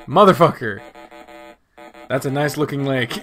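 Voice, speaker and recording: A young man doing let's play commentary, excitable and swearing, yelling at the game when things go wrong. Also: medium pitch, measured pace, pauses often, soft background music. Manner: excitable, cursing, yells at the game. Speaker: gaming video host.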